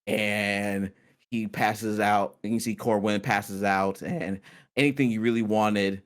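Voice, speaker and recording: A man, narrating a tabletop game as game master in a rambling, relaxed way. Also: lowish voice, slow pace. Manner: rambling, relaxed, lots of fillers.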